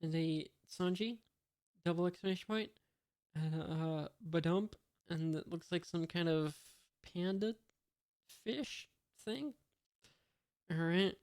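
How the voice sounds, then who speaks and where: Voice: medium pitch, slow pace, long pauses, a little mellow. A reader reading a comic aloud with comments, reading out sound effects and punctuation marks, with many hesitations and asides.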